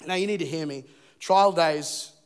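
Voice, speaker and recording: A man in his thirties from England preaching a sermon as a lively, joking story, acting out scenes and voices. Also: fairly high pitch, normal speed, clear, resonant tone. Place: church stage.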